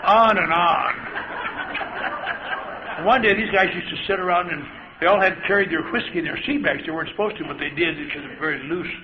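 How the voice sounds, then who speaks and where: An older man holds forth at a recovery meeting, spinning wry, self-deprecating tales and slipping into the voices of the people in them. His voice sits a little high for a man. The live recording is muffled and carries steady hiss. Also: brisk. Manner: wry, self-mocking storyteller, acts out voices. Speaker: AA speaker. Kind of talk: storytelling talk to an audience. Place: large meeting hall. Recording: dull lo-fi live tape with hiss.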